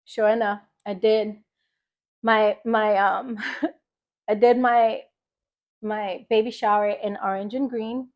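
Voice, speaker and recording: This faith vlogger, an adult mother from Philadelphia, speaks in a mid-range voice at a slow pace with frequent pauses, and the recording sounds muffled. Recounting her own birth testimony, she brings the story to life by acting out conversations and repeating phrases with emphasis.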